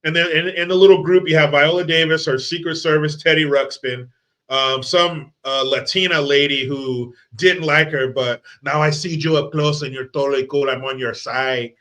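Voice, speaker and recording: A man's voice: a little high, fairly even intonation, moderate pace, sharp tone. A man ranting in a movie commentary, profane, sarcastic and heated. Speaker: movie reviewer.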